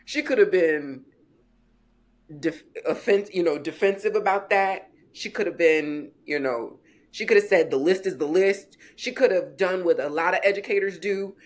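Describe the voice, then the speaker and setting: Animated woman in her forties. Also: lowish voice, normal speed. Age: 40s. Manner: animated storyteller, acting out quoted voices. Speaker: guest, author. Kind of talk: podcast interview storytelling.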